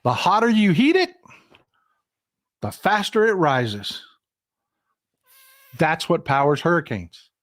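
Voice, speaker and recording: A man's voice: a little high, big pitch swings, takes it slowly, long pauses, fairly bright tone, no echo. Middle-aged man, livestream host, folksy and hot-tempered, slightly raised voice. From Texas. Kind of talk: casual political livestream talk.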